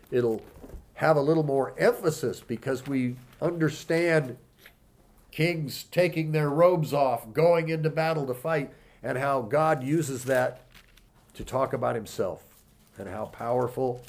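A man delivers a sermon with a middle-pitched voice. He reads scripture aloud slowly and with weight, then eases into plain, conversational explanation. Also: darkish tone. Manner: emphatic scripture reading, slowing for key words. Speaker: preacher.

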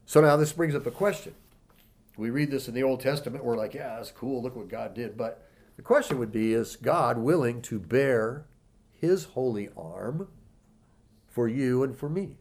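A man delivers a sermon with a middle-pitched voice. He reads scripture aloud slowly and with weight, then eases into plain, conversational explanation. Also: expressive, darkish tone. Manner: emphatic scripture reading, slowing for key words. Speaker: preacher.

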